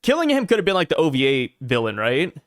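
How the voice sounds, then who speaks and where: A man's voice: a little high, huge pitch swings, fast, no echo, studio quality. A man co-hosting a podcast, chatting casually and animatedly about manga, sometimes reading panel dialogue aloud. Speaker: podcast co-host.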